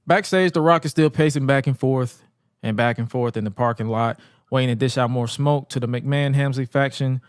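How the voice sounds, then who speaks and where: A man's voice: mid-range voice, brisk, clear, resonant tone, no room sound. Male co-host, laid-back slangy storyteller who laughs a lot; dry, close mic. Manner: animated, acts out quotes in exaggerated voices; laughs often, casual slang. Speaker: podcast co-host. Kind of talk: casual wrestling recap.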